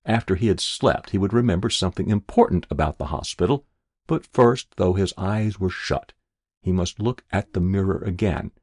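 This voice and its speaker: A man narrating a story in an expressive, measured storytelling manner. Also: low-pitched, slightly rough, no echo, clean studio sound. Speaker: audiobook narrator.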